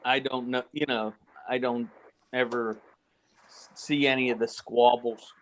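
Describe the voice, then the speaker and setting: A man taking part in a casual online chat, talking in a relaxed way with some restarts. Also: mid-range voice, a little slow, rough recording.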